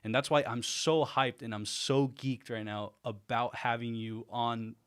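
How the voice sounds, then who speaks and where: A man's voice: medium pitch, measured pace, clean tone. Hyped guy hosting a stream, rambly, laughs a lot. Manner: excited, rambling, laughs often. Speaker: livestream host. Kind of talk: casual livestream chat.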